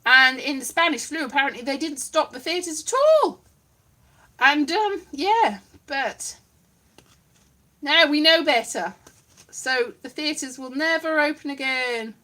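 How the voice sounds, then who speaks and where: A woman with a high, sharp, bright voice talks from her home. She rambles through a comic monologue about puppets and masks, laughing easily and poking fun at herself. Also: unhurried. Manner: giggly, rambling, self-mocking. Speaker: comedian doing a solo online show.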